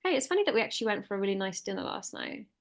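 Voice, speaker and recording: Fast-talking chatty woman co-host. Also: medium pitch, sing-song. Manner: rambling, chatty storytelling with many fillers. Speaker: podcast co-host. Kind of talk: casual chat.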